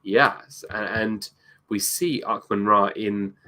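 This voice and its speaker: A man co-hosting a movie review show, chatting casually about a film with hesitant pauses and dry asides. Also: lowish voice, steady tone, pushed and bright. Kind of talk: casual chat, movie commentary.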